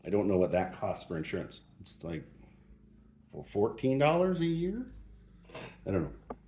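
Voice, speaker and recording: A man's voice: lowish voice, very animated, measured pace, warm tone, a little hiss or hum. Playful mock-serious man in an echoey room. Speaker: host. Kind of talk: joking advice talk. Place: home shop or garage. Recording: roomy echo.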